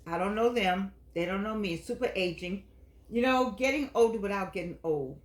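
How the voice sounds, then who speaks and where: An older woman hosts a senior-life show, speaking in a mid-range voice at normal speed with lively intonation, and the sound is roomy. Earnest and chatty, she leans into preacher-like emphasis and reads from a book, giving a casual motivational talk.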